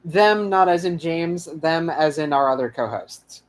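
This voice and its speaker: A man's voice: a little high, animated, a little slow. A young man hosting a history channel, wrapping up an episode in rambling casual chat full of restarts and fillers. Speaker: channel host.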